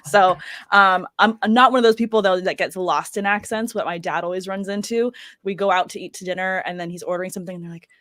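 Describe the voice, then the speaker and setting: A woman's voice: mid-range voice, fairly even intonation, fast talker, a bit bright. A woman guest on a podcast, chatting casually with the hosts in a bubbly, easily laughing way. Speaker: podcast guest, fantasy analyst. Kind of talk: casual chat.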